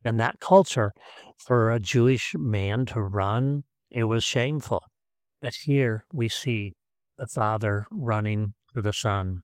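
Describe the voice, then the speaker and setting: Male pastor, sermon delivery, earnest with repetitions, mid pitch, dry close recording. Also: animated, unhurried, no echo. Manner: earnest, repeats words, swings between emphatic and soft.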